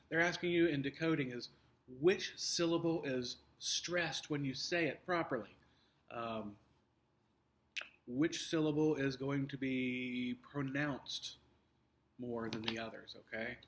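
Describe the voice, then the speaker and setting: In a recorded test review, a man teaching his class walks through the upcoming exam with patience but some hesitation. He often starts sentences over and fills gaps with "um" and "uh," his middle-pitched voice sounding a bit bright.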